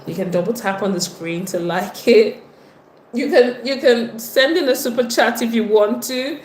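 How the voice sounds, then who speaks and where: A woman's voice: fairly high pitch, normal speed. Chatty Nigerian-accented woman livestreaming, echoey. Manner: chatty, greets viewers by name, lively exclamations. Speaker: livestream host. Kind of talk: casual livestream chat reading viewer comments.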